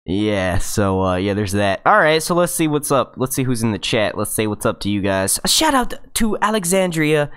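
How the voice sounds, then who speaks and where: Lively, rambling young man streaming live. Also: fairly low pitch, moderate pace. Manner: rambling, profane, laughs at his own slips. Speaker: YouTube host. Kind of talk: casual live-stream chat.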